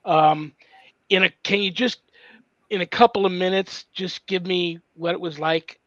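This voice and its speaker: Man, podcast host, fairly high voice, halting and effusive, dry muffled sound. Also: fairly even intonation, fairly bright tone, no echo. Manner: halting, effusive, restarts often. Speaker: host, priest. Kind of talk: casual podcast interview. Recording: dull, dry lo-fi audio.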